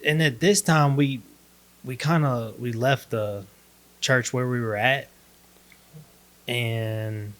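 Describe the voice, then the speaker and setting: A man's voice: medium pitch, a bit bright. Laid-back man telling his testimony. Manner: laid-back storyteller, acts out quotes. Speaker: podcast guest. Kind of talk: casual testimony chat.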